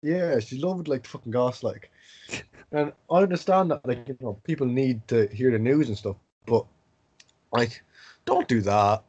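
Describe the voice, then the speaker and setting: A man's voice: mid-range voice, a little slow, darkish tone, husky, no room sound, highs cut off. A young man in casual podcast chat, rambling through anecdotes, swearing freely and acting out quotes in a raised voice.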